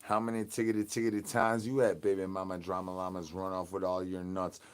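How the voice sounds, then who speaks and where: A man's voice: low-pitched, little pitch movement, a little fast, clean tone, lightly acted. A man performing a rowdy, crude, hungry male zombie in an improvised comedy rant, rambling through sing-song nonsense rhymes. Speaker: comedy channel host.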